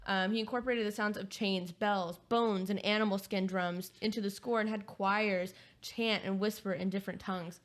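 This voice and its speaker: A woman with an American accent, co-hosting a podcast in casual chat, chatty and quick to laugh. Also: mid-range voice, steady tone. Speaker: podcast co-host.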